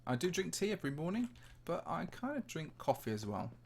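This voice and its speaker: Touring a game map on a livestream, this Minecraft host casually fields viewer questions in a slightly posh English accent from the Midlands. He sounds a little high and sing-song, brisk and creaky, with a darkish tone over a faint hiss or hum.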